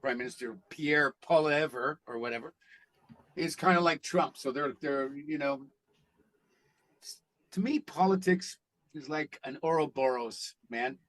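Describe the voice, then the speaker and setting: Male actor guest, a lively and blunt storyteller with a slightly high voice. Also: unhurried, pauses often. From Canada. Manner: animated storyteller, blunt and profane. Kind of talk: casual interview chat.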